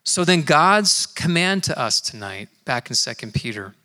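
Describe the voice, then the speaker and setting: A man preaching a sermon in a church, telling his own story in an earnest, conversational way and slowing down to stress key words. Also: a little high, sing-song, pushed and bright. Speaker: pastor. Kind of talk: sermon with personal testimony. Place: church sanctuary. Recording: long hall reverb.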